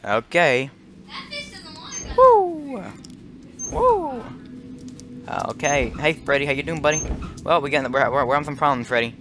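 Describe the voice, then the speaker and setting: A young man casually commenting on a horror game as he plays, jumpy and excitable, yelping when startled. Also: medium pitch, quick pace, slight background noise. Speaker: gaming channel host. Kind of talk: let's play commentary. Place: home room.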